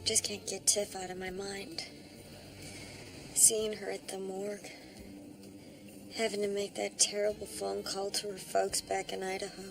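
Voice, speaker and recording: An actress playing a brisk, dry-witted female investigator in charge, in a TV drama. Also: medium pitch, flat delivery, creaky. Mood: somber. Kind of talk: TV drama acting. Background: music.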